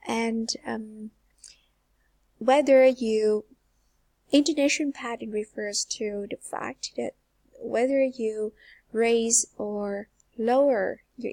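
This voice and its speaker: Young woman, English teacher; dry, close sound, careful and slow, repeats examples. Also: fairly high pitch, a little mellow, husky, no room sound. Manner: demonstrates phrases by repeating them slowly. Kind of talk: slow, careful pronunciation lesson.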